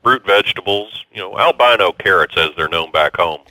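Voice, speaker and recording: An unhinged vegetable-obsessed caller. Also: male voice, deep voice, brisk, bright, forceful tone, dry recording, rough recording. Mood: obsessive. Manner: earnest, rambling, worked up. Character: odd male gardening-obsessed caller, unhinged.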